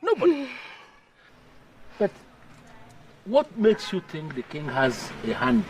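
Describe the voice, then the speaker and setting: Deferential, earnest palace adviser, animated pitch. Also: male voice, takes it slowly, slight background noise, heavily acted. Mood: puzzled. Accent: Nigerian. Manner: earnest, pleading, exclamatory. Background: faint music.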